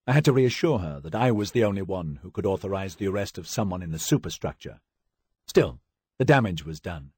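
A man's voice: deep voice, darkish tone, husky, no echo, studio quality. A man reading a first-person novel aloud as an audiobook, with wry, dramatic storytelling. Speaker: audiobook narrator.

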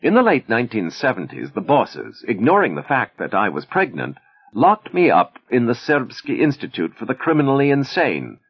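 A man's voice: medium pitch, wildly swooping pitch, normal speed, slightly rough, pitched above the performer's own voice, exaggerated voice. A man doing a wry, defiant Soviet woman poet. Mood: grim. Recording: dull lo-fi recording.

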